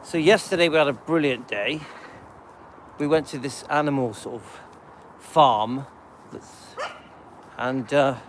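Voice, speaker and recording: A man's voice: medium pitch, unhurried, long pauses, a little hiss or hum. A middle-aged man, chatting casually to his viewers on a live stream while he walks his dog along a street, rambling with loose asides and many ums. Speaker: channel host. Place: outdoors on a residential street, walking a dog.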